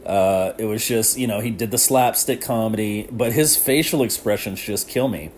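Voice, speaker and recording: A man's voice: lowish voice, moderate pace, a little mellow, slight background noise. Rambling, laughing man on a podcast. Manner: laughs often, loose rambling delivery with slang. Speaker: podcast host. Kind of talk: casual solo podcast chat.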